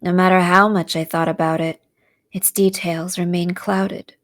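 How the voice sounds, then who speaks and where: A woman narrating a visual novel aloud in a slow, soft storytelling manner. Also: fairly low pitch, little pitch movement.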